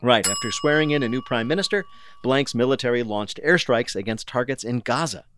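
A man hosting a news quiz, reading questions briskly and landing wry punchlines. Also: mid-range voice, animated, a bit bright, slight background noise. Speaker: quiz show host.

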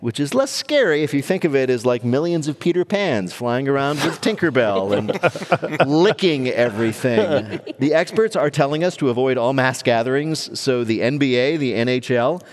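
A man's voice: medium pitch, lively intonation, normal speed, long reverb tail. A man hosting a comedy news quiz before a live audience, delivering wry quips and punchlines. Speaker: quiz show host.

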